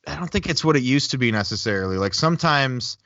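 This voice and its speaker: A man's voice: medium pitch, lively intonation, fast, fairly bright tone, no room sound. A man hosting a podcast in casual chat, rambling loosely and swearing freely. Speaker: podcast host. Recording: dry, dull lo-fi audio.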